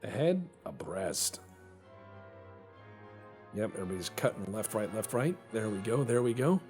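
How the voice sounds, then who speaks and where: A man's voice: fairly low pitch, big pitch swings, moderate pace, a little mellow, faint music behind. A man hosting a let's play, giving casual commentary on a naval strategy game, joking, swearing and thinking aloud as he plays.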